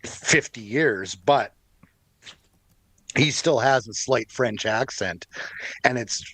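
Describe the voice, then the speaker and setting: A man's voice: mid-range voice, slow pace, sharp tone, breathy edge. A man from Canada in casual podcast chat, telling stories unhurriedly and laughing often. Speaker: podcast co-host.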